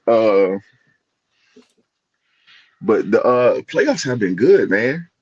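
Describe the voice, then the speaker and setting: Rambling podcast co-host, muffled dry sound. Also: male voice, lowish voice, very animated, very slow, a little mellow, no room sound. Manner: rambling, restarts, searching for words. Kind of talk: casual chat.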